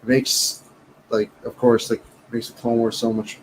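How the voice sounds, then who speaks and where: A man's voice: medium pitch, little pitch movement, moderate pace, rough recording. Rambling man with faint background hiss. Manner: rambling, hesitant with fillers. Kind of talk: casual chat.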